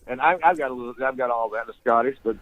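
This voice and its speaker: A man's voice: medium pitch, rapid-fire. An older man with a Southern US accent, a sports broadcaster telling folksy, rambling stories as a radio guest. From Eastern Tennessee and Georgia, USA. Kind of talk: casual radio interview storytelling. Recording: dull, dry radio sound.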